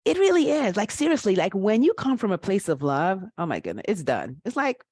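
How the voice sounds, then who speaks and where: A woman's voice: mid-range voice, very animated, fairly quick, a little mellow, breathy edge, studio quality. A woman hosting an interview, enthusiastic and affirming, often echoing her guest. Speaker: host. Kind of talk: supportive interview chat.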